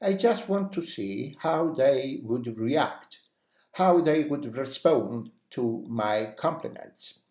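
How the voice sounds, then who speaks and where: Slow-paced male English teacher. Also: medium pitch. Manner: acts out example phrases in a lively way; uses many "you know" fillers. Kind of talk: language lesson. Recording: roomy echo.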